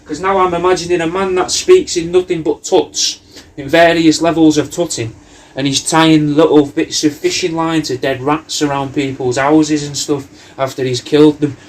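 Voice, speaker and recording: A man's voice: a little high, little pitch movement, normal speed. A man delivering a rambling, sweary comic monologue full of absurd tangents and slang, as a personalised video message.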